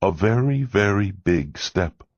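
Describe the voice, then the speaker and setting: A man voicing an anxious young woman in an audiobook, speaking softly and hesitantly. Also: low voice, expressive, slow pace, no echo, highs cut off, voice pushed up. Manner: hesitant, soft.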